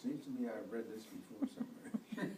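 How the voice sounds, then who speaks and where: A man's voice: mid-range voice, big pitch swings, moderate pace. An older man reading a picture book aloud to a small child at home, chuckling and playfully explaining words. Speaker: great-grandfather reading to a child. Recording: echoey distant home recording with noise.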